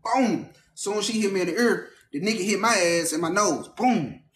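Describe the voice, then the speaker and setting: A man with a high voice tells a story casually, cursing freely and jumping into the voices of everyone involved. His voice bounces around a roomy space. A faint hiss sits underneath. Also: moderate pace. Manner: animated, profane, acts out the people he quotes.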